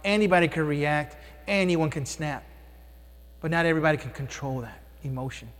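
High-voiced pastor preaching in a reverberant hall. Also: male voice, normal speed, a bit bright. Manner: conversational preaching with call-and-response questions. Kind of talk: sermon. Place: church sanctuary.

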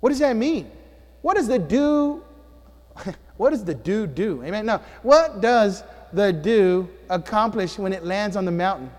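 A pastor preaches a sermon in a church sanctuary at a measured pace, expressive and alternating between booming and soft, hushed tones. His voice sits high for a man, and the hall's long echo carries every word.

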